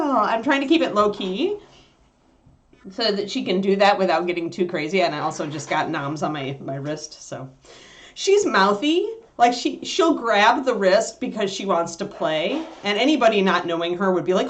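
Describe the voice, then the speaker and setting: A woman's voice: medium pitch, moderate pace. A woman from Wisconsin hosting a casual livestream, chatting and talking to her puppy along the way. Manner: chatty, animated, talks to her dog. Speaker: host.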